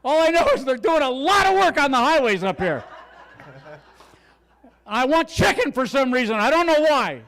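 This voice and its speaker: A bewildered little housefly, pitched way up high and sounding frantic, as a stand-up comic puts it on. He babbles in a panicky, lost rush. The bit plays like a cartoon inside a live comedy set. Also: sing-song, normal speed, long pauses, a bit bright, exaggerated voice. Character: confused little male housefly phoning home.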